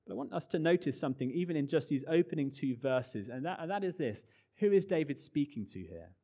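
A man preaching a sermon with earnest emphasis, dropping to hushed low phrases and rising again. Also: expressive, fast talker.

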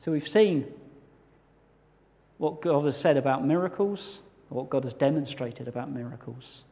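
A man's voice: mid-range voice, gravelly, dark tone. Earnest male pastor in a reverberant hall. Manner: earnest, measured preaching with light humour. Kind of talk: sermon. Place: church hall.

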